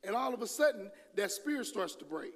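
A middle-aged man preaching a sermon in a church, talking lively and acting out the voices of the people he quotes. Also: brisk, creaky. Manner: lively, acts out quoted voices with big swings in pitch and volume. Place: church sanctuary. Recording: long hall reverb.

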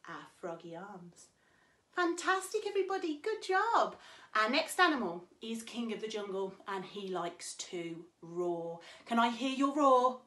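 A woman's voice: a little high, big pitch swings, normal speed, pushed and bright. A woman in her thirties, a swimming teacher, leading small children through a playful lesson in a cheerful, sing-song way. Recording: echoey room.

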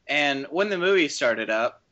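Bright-voiced man on a lo-fi mic. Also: on the high side, expressive, unhurried. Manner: rambling storyteller, laughs often, crude jokes. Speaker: podcast co-host. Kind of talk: casual podcast chat. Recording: dull lo-fi mic with faint noise.

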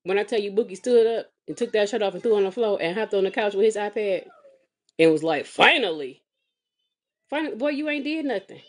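A woman vlogging as a mother, telling a comedic, exasperated story with sassy, animated delivery and big swings in pitch. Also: fast. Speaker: mother of a kindergartner. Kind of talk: comedic storytelling vlog rant. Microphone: phone or webcam vlog.

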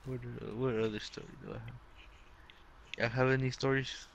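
A man's voice: mid-range voice, fairly even intonation, brisk, gravelly, slight background noise, rough recording. A young man telling rambling childhood stories to friends in casual chat, full of swearing and fillers. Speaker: storyteller among friends.

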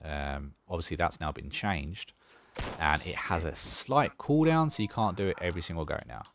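A man's voice: low-pitched, expressive, moderate pace, fairly bright tone, a little hiss or hum. A man casually talking through a strategy game as he plays, thinking aloud with dry sarcasm. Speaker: gaming channel host. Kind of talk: casual gameplay commentary.

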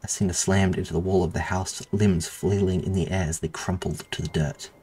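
A man reading his own story aloud in a steady, measured narration. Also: deep voice, husky. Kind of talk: audiobook narration.

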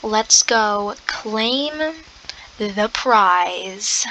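A young woman commenting on her game play, excitable, gasping often and slipping into soft half-whispered asides. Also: fairly high pitch, takes it slowly, noisy background. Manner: excitable, gasping, lots of exclamations. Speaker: gamer.

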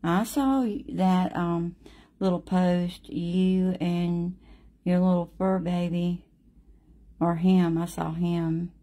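A woman's voice: fairly low pitch, steady tone, takes it slowly, dark tone. A middle-aged woman, teaching a live watercolor lesson and chatting with viewers by name. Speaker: watercolor painting instructor.

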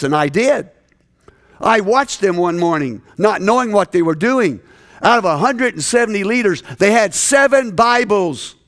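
A man preaching to a large gathering, telling stories with many restarts and swinging from hushed tones to shouts. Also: high-pitched, animated, normal speed. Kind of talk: sermon.

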